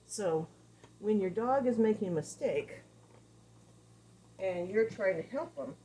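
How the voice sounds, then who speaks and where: A woman dog trainer giving a casual lesson, animated and repeating key phrases as she acts out examples. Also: medium pitch, takes it slowly, a little hiss or hum. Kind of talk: casual teaching talk.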